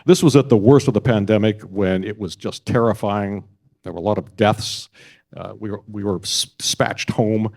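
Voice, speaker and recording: An older man giving an award acceptance speech, telling stories in a measured, anecdotal way. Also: on the low side, vocal fry, a little mellow. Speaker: award honoree. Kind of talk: after-dinner speech.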